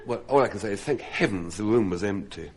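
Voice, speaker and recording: On a 1970s radio comedy panel show, a man tells a self-mocking comic story as the studio audience laughs. His voice is fairly low, expressive, and a little fast.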